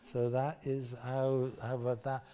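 An older man with a Liverpool accent spins lively anecdotes on a theatre stage. His voice is mellow and warm, his delivery animated, with plenty of asides to the audience. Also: medium pitch, a little slow, clean tone. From Liverpool, England. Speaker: guest storyteller.

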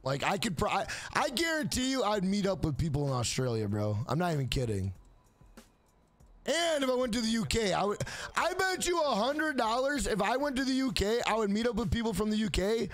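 A man's voice: high voice, big pitch swings, a little fast, faint music behind. A man live-streaming a video game, chatting casually with viewers in a rambling, profane way.

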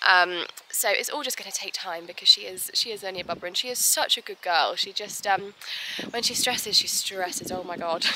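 A woman's voice: mid-range voice, moderate pace. A young woman vlogging at a horse yard, chatty and giggly, cooing fondly at her horses. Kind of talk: casual vlog chat. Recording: loud wind noise outdoors.

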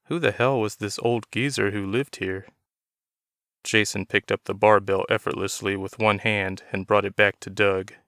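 Male narrator, low smooth voice, dry close mic, measured delivery. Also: steady tone, a bit bright, dry recording. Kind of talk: scripted narration of a novel.

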